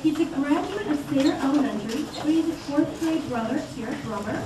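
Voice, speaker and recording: High-voiced woman announcing a speaker. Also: expressive, a little fast. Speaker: event presenter. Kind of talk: formal introduction. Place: school hall. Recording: echoey hall from far off, loud noise.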